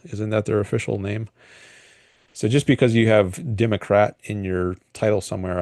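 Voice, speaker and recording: A man hosting a solo livestream, talking through political ideas in a thoughtful, hesitant way with frequent pauses and restarts. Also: fairly low pitch, a little mellow, dry recording, clean studio sound. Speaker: livestream host. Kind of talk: casual solo commentary.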